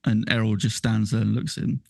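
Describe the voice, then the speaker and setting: A man narrating as game master of a tabletop game, relaxed and asking his players what they do. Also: on the low side, fairly quick, creaky, husky, no echo, studio quality. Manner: relaxed, asks players questions.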